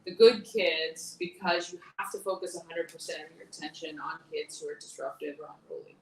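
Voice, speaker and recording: A woman moderator asks questions in a conversational, hesitant way, with plenty of ums. Her voice sits a little low and sounds far from the mic, in an echoey room. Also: fairly quick, creaky, darkish tone, slight background noise. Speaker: forum moderator.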